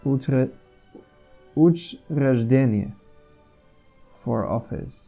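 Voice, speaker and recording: A Dutch man giving a casual language lesson, explaining slowly, repeating words and pausing with fillers. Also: mid-range voice, gravelly, breathy edge, dull audio, soft background music. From Netherlands. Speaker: language vlogger.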